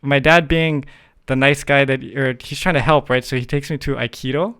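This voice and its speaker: A man's voice: mid-range voice, fairly even intonation, moderate pace, a bit bright, clean tone. Middle-aged man telling a story. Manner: storytelling, acting out remembered voices. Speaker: podcast co-host. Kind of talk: casual chat.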